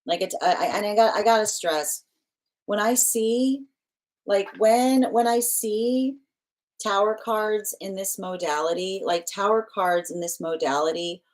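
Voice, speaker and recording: A woman hosting a tarot livestream in casual chat, reading out viewer comments and warmly thanking people by name. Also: medium pitch, measured pace. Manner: chatty and affectionate, thanks viewers by name, laughs often.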